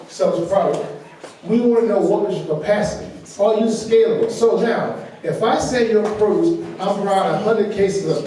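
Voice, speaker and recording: A man with a Southern US accent leading a financial training workshop, talking loud and fast and often checking in with "okay?". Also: sits high, slight background noise. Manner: energetic, repeats "okay?" to check in with the audience. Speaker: workshop presenter. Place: large meeting room. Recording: very echoey room, voice far from the recorder.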